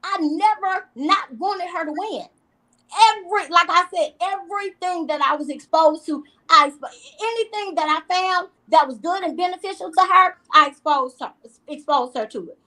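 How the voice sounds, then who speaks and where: Interview guest: high-pitched woman, animated, emphatic storyteller, talking over a video call. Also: rough recording. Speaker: reality TV guest. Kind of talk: casual interview chat.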